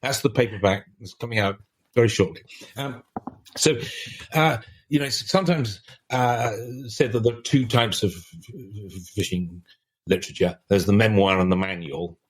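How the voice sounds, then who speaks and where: Husky older Englishman, rambling storyteller. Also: lowish voice, moderate pace. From England. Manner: discursive, storytelling with many restarts. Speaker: author guest. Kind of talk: reflective podcast interview.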